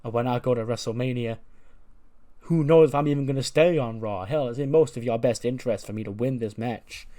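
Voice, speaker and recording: A man's voice: mid-range voice, fairly quick, mellow, natural voice. A man doing a rambling, aggrieved young wrestler. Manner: rambling, full of fillers. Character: chip-on-shoulder young male wrestler.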